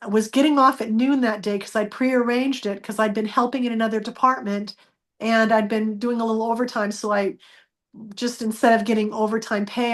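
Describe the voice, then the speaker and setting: A woman telling a personal story as a guest, acting out the dialogue with lively changes of voice. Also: on the high side. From United States. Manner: animated, acts out quoted dialogue.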